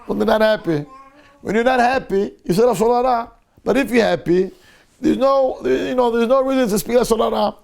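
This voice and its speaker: A man's voice: extremely high pitch, brisk, creaky. A male rabbi teaching a Torah class, telling a story with animation and acting out the people in it. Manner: animated storyteller who acts out the people in his tale.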